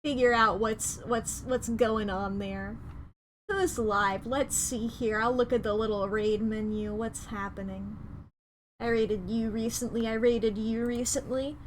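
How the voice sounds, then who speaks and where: High-voiced giggly female streamer. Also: measured pace, slight background noise. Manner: giggly, excitable, chatting to viewers. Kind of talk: casual stream wrap-up chat.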